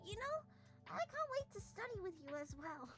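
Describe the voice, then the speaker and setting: A woman voicing an excitable anime schoolgirl classmate who gushes and drops Japanese words into her talk. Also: very high-pitched, moderate pace, over music, pitched above the performer's own voice. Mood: excited.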